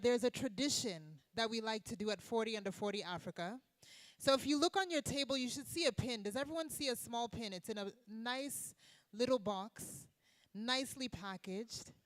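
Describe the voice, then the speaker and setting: A woman's voice: sits high, a bit bright, no echo. A woman hosting an awards gala, upbeat and drawing responses from the crowd. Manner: upbeat crowd-engaging emcee. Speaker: event host. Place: banquet hall at an evening event.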